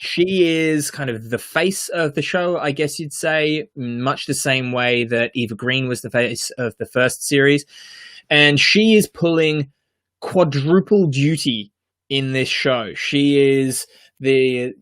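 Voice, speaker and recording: Man, podcast co-host, casual review chat, earnest, emphatic, mid-pitched, lots of ums and restarts. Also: slow, fairly bright tone.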